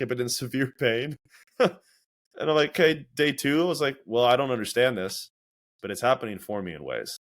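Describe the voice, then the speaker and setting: A man hosting a casual podcast, talking reflectively and acting out his own inner voices as he tells stories. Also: on the low side. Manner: reflective, animated storytelling with acted-out inner voices. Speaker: podcast host.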